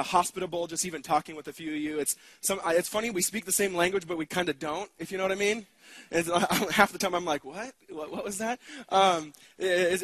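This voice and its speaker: A man's voice: on the high side, fairly bright tone, no room sound. A man giving a conversational keynote sermon at a conference, casual and self-deprecating, with lots of fillers and restarts. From United States.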